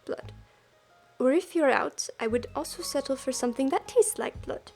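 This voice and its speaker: A woman voicing a pompous, blood-craving young gentleman adventurer in a put-on British accent, drawing out his words theatrically. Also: high voice, animated, soft background music. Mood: indulgent. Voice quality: grandiose, drawn-out and theatrical.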